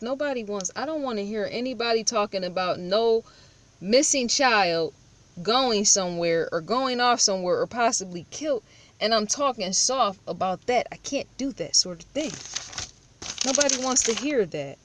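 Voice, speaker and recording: A woman giving firm, blunt true-crime vlog commentary, full of rhetorical questions and repetition. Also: a little high. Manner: rhetorical questions, repeats herself.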